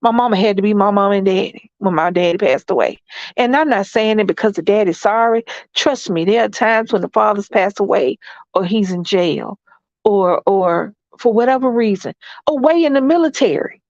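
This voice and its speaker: A woman's voice: mid-range voice, normal speed, no room sound. A middle-aged woman hosting a vlog, chatting casually and laughing to her viewers. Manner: lively, laughing, African American Vernacular grammar. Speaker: vlog host. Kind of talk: casual chat to camera. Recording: dull lo-fi sound, dry room.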